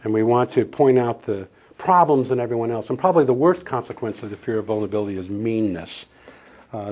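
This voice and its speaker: Husky-voiced male preacher, conversational. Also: lowish voice, highs cut off. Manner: conversational, animated storytelling with chuckles. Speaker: pastor and counselor. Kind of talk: sermon.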